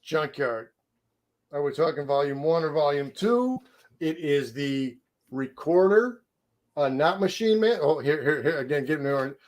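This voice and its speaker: A man co-hosting a casual chat, rambling excitedly and restarting his sentences. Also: a little high, unhurried. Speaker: co-host.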